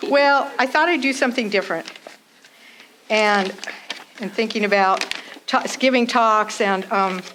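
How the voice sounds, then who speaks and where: A woman's voice: on the high side, measured pace, pauses often, noisy background. A woman artist speaking to a gallery crowd, a little out of breath and nervous, reading from an old review of her work. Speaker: featured artist giving a talk. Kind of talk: reading aloud and talking about her work. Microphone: handheld mic held by someone else.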